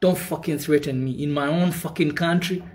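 A man's voice: on the high side, steady tone, moderate pace, a little mellow. A man from Uganda with a Ugandan accent, a musician in a heated, profane rant, switching between English and Luganda. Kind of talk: angry direct-to-camera rant.

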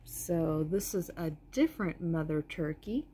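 A woman reading a children's storybook aloud, stopping for gentle, explanatory asides. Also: low voice, animated, a little slow, slight background noise. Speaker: storybook reader.

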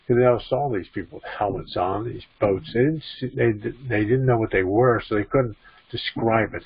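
Man, spiritual teacher, husky low voice, repeats himself, dull lo-fi sound. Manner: repeats phrases, asks the listener questions. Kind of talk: spiritual talk to an audience. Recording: dull lo-fi recording.

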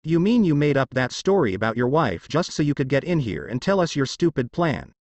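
A man's voice: medium pitch, sing-song, fairly quick, no room sound. A man voicing a furious, foul-mouthed male general in a fan story reading, cursing harshly. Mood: scornful.

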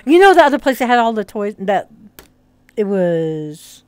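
A woman's voice: medium pitch, big pitch swings, moderate pace, smooth, no room sound. A woman with a hard-to-place mixed accent streaming, rambling and chatting casually with a bit of swearing. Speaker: streamer and hypnotist. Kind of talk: casual livestream chat. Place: virtual reality social world.

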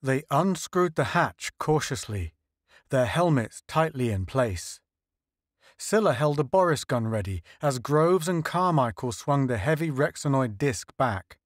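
A man reading science fiction as an audiobook narrator in an even, measured way. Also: medium pitch, no echo, clean studio sound. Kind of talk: scripted narration.

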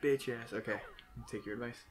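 A man's voice: medium pitch, steady tone, brisk, soft background music. A man hosting a video game playthrough, talking casually, with frustrated outbursts, swearing and mumbled asides. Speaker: let's play host. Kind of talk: casual gameplay chat.

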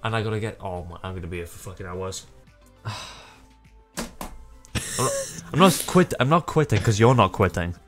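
A man's voice: lowish voice, lively intonation, moderate pace, pauses often, fairly bright tone, soft background music. A young man playing online games with a friend, swearing and grumbling in casual chat. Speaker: gaming YouTuber. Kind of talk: profane casual gameplay chat.

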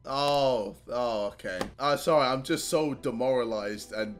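A man's voice: medium pitch, a little slow, faint music behind. A young man, talking casually in a reaction vlog, self-mocking and laughing and swearing a lot. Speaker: YouTuber.

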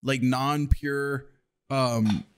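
A man's voice: medium pitch, steady tone, drawn-out words, clean tone, dry recording. A young man co-hosting a podcast in a casual chat, laid back and joking, laughing easily. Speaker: podcast co-host.

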